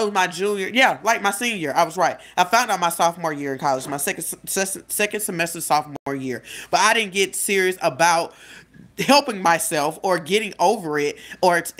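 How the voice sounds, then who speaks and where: A woman's voice: fairly low pitch, brisk, a bit bright. Chatty young woman confiding to viewers. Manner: chatty, addresses viewers directly, self-correcting. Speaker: life coach vlogger. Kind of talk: casual confessional storytelling.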